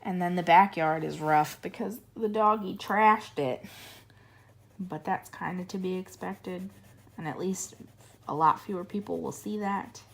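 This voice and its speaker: A young woman chatting casually while she colors, rambling and easily sidetracked, with a voice that is going hoarse. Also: medium pitch, a bit bright. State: losing her voice. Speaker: coloring channel host. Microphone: camera on a monopod.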